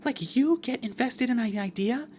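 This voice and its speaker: A man voicing an earnest, soft-spoken woman counselor who flatters gently. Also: very high-pitched, moderate pace, a little hiss or hum, pitched above the performer's own voice.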